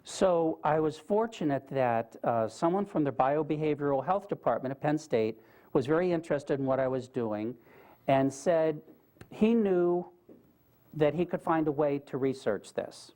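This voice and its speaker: A man's voice: on the high side, lively intonation, normal speed, dark tone. A man giving a talk to a live audience, telling stories in an earnest, conversational way and putting questions to the listeners. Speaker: guest speaker. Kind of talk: storytelling lecture to an audience. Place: lecture room with a live audience.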